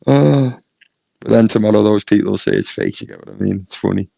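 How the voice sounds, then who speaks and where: A Northern English man on a live stream, his low voice gravelly and fried at the edges. He talks loosely and laughs a lot, answering chat as he goes, and the sound is close and dry. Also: a little fast, warm tone, no echo. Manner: chatty, laughs often, reads chat aloud. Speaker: YouTube streamer.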